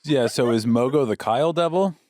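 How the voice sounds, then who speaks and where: A man's voice: mid-range voice, darkish tone, no echo, clean studio sound. A man co-hosting a comedy podcast, teasing and riffing playfully in casual chat. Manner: teasing, playful, quick to riff. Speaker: podcast co-host.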